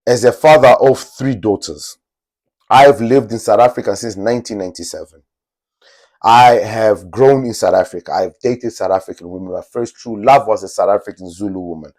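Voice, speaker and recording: A man's voice: lowish voice, darkish tone. A man from Angola hosting his own podcast, giving an emphatic, opinionated monologue straight to his viewers, repeating phrases for effect. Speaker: podcast host.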